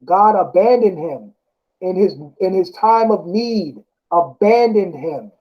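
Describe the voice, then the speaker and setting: A man with a rather high voice talks loosely about scripture. He stops to read verses slowly and often corrects himself mid-thought. The recording sounds dull and lo-fi. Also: animated. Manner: rambling, self-correcting, often asks "you know what I'm saying?". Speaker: speaker discussing scripture. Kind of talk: casual religious talk, reading verses aloud.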